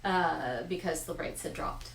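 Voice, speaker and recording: A woman's voice: sits low, measured pace, gravelly, a little hiss or hum. A woman co-hosting a casual chat as a realtor, agreeable and chatty, with frequent fillers. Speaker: realtor co-host. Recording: echoey room.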